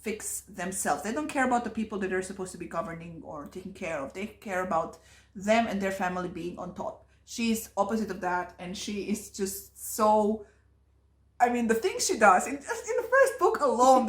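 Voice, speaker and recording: A woman's voice: mid-range voice, lively intonation, moderate pace. A woman co-hosting a casual book chat, enthusiastic, laughing often and swearing freely. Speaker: booktuber co-host. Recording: echoey room.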